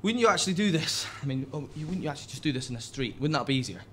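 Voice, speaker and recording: A man's voice: on the high side, expressive, racing, a bit bright, a little hiss or hum. A man playing a polite, hesitant lead actor who stammers.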